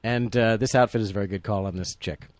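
A man's voice: on the low side, fairly even intonation, quick pace, no echo. A man co-hosting a podcast, chatting loosely about movies, laughing often and slipping into silly voices for quotes. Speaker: podcast co-host. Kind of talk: casual chat about movies.

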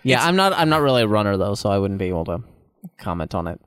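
A man's voice: on the low side, sing-song, quick pace, a bit bright, clean tone, no echo. Guy stumbling a bit thru his points on a movie commentary, dry mic. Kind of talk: casual movie commentary chat.

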